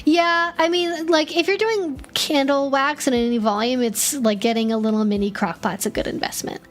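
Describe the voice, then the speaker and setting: A woman's voice: high-pitched, fairly even intonation, normal speed. A young adult woman hosting a casual live stream, chatting loosely with frequent fillers and restarts as she answers questions from chat.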